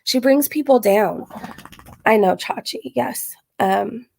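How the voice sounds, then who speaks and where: A woman's voice: fairly high pitch, slow, vocal fry, a little mellow, breathy edge. A young woman hosting a casual live question-and-answer stream, rambling with many fillers as she reads and answers chat comments. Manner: rambling, filler-heavy talk with frequent "like". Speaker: channel host answering viewer questions.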